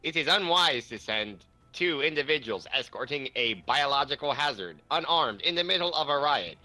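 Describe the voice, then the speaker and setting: A man's voice: mid-range voice, moderate pace, soft background music, low-quality recording. A man voicing an emotionless male droid who speaks in a formal, bureaucratic way. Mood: flat officious. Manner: flat, precise, bureaucratic.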